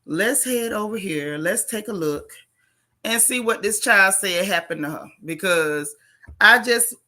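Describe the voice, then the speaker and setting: A woman's voice: medium pitch, lively intonation, measured pace, pushed and bright. A woman hosting a casual gossip livestream, chatting straight to her viewers and reading posts aloud in her own voice.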